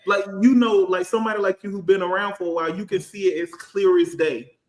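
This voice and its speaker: Animated high-voiced man in his thirties. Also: fast, echoey room. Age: 30s. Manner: animated, slangy, acts out quoted voices. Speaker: panelist, finance accounting professional. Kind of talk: casual panel discussion.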